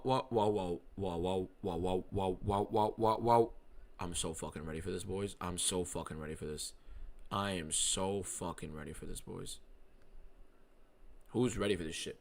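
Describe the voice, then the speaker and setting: Excitable, foul-mouthed male streamer. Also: on the low side, gravelly. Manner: excitable, profane, rambling. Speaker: streamer host. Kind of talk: live fight watchalong commentary.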